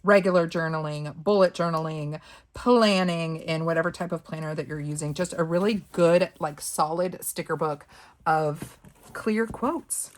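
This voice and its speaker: A woman reads sticker quotes aloud, one after another, in a playful, sassy way. Her voice sits a little low. She chats casually between quotes and laughs often. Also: moderate pace. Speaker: planner and sticker channel host. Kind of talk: casual sticker book flip-through.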